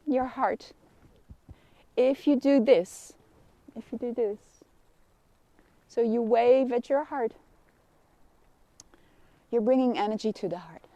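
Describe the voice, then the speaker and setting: A middle-aged woman with a Dutch accent, a kinesiologist giving a gentle, soothing live lesson and laughing softly now and then. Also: on the high side, dry recording. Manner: gentle, soothing guidance with frequent soft laughs. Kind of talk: live-streamed wellness lesson.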